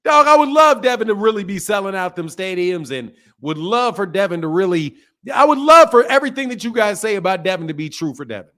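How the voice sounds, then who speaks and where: A high-pitched man hosting a boxing talk show, ranting in a loose, heated way. He repeats himself, swears freely and jabs at his viewers with blunt scorn. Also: very animated, fairly quick, few pauses, sharp tone. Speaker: boxing channel host. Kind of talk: heated casual boxing commentary.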